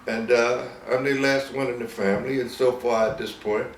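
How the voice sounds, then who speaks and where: A man's voice: mid-range voice, steady tone, normal speed. A man in his eighties with a Southern American accent, telling stories in a rambling, chuckling way during an interview. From Virginia, US. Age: 80s. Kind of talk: casual storytelling interview. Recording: roomy, distant mic with faint noise.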